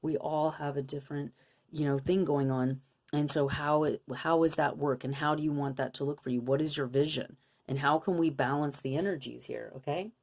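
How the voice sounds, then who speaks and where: A woman's voice: low voice, steady tone, moderate pace, creaky, a little mellow. A woman giving a casual spiritual card reading to her viewers, earnest and coaching, with many rhetorical questions. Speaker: intuitive card reader.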